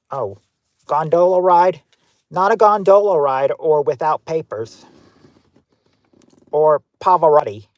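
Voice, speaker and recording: In a dry recording, a man with a higher-pitched voice runs a livestream game show. He reads viewers' guesses and says hello to each by name, sounding casual and chatty, with lots of fillers and restarts.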